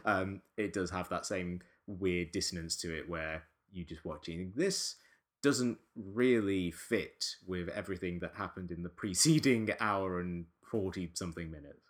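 A man's voice: low-pitched, a little slow. A man hosting a casual podcast discussion, talking in rambling, wry runs with frequent restarts. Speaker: podcast host.

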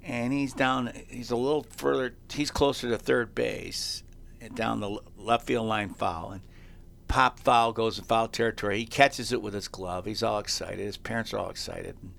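A male talk show host excitedly telling feel-good stories in a chatty way, with frequent restarts. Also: fairly low pitch, moderate pace, creaky. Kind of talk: animated storytelling on a talk show.

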